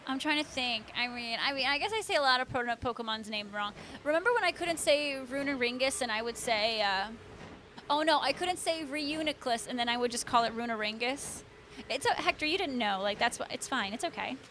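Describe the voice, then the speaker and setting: High-voiced chatty woman streamer. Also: lively intonation, fairly quick, pushed and bright, slight background noise. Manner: chatty, laughs often, answers chat by name. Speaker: livestream host. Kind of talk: casual chat with live viewers.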